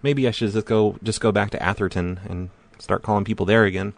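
A man hosting a prank call live stream, chatting casually and rambling with halting fillers and self-deprecating remarks. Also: on the low side, fairly even intonation, creaky, no echo.

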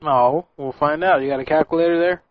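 A man hosting a prank-call radio show, teasing callers with cheeky, deadpan banter. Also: on the high side, fairly quick. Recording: dull radio recording with faint music.

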